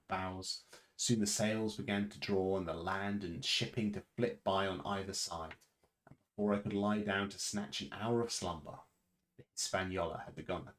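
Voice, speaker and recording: Male reader, very low voice, reads a novel aloud on stream, stumbles and restarts now and then. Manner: unpolished reading with restarts and self-corrections; varies pitch and loudness for dialogue.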